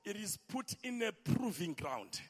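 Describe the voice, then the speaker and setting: A preacher with a strikingly high voice delivers an impassioned sermon at a slow, deliberate pace. His lines rise into sing-song shouts and calls for amens. A long reverb trails every phrase. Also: sing-song.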